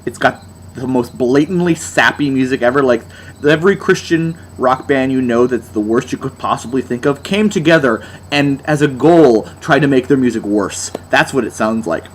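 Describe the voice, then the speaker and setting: A man's voice: mid-range voice, normal speed, a little hiss or hum. A young man giving a sarcastic, exasperated album review, mocking as he goes.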